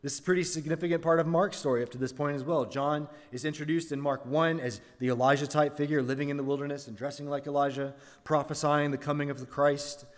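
Pastor, male, fairly high voice, earnest sermon delivery with rhetorical questions, hall reverb. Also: fairly even intonation, quick pace, few pauses.

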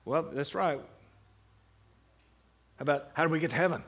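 A man's voice: fairly high pitch, moderate pace, fairly bright tone. A middle-aged man giving a classroom lecture on Bible meditation, putting questions to his students and answering them. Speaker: seminary lecturer.

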